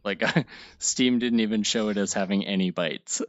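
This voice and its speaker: A man's voice: lowish voice, unhurried, dry recording. A man playing in a group game, chatting casually with wry, snarky remarks and frequent chuckles. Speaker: party member. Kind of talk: casual gaming chat. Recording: dull lo-fi mic.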